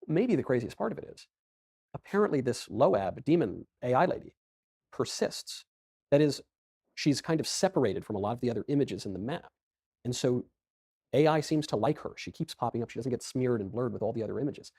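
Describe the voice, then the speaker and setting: Man, gravelly, husky, thoughtful musing, dry sound. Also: medium pitch, expressive, a little fast, dark tone, dry recording. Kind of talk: casual conversation.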